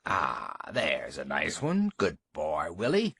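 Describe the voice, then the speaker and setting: A man voicing a domineering, very old family patriarch in an audiobook, speaking in a deep, portentous monotone. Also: slow pace, breathy edge, no echo, full character voice. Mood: fussy. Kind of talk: audiobook character voice.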